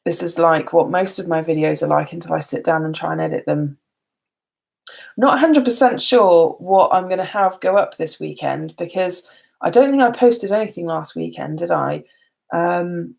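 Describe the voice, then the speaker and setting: A woman's voice: lowish voice, vocal fry, darkish tone. A tired woman chatting casually on a live stream, rambling and laughing often. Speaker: beauty vlogger.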